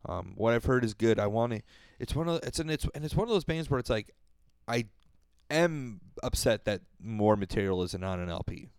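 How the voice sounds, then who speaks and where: A man co-hosting a casual music podcast, talking in a rambling, profane way with lively jumps in pitch. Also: fairly quick, clear, resonant tone, dry recording, studio quality. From Rochester, New York. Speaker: podcast co-host. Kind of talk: casual chat.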